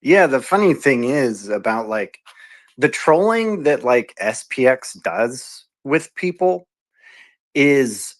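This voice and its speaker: A man's voice: medium pitch, very animated, slow. A laid-back man in casual chat on a live audio space, who laughs often and fills his talk with likes.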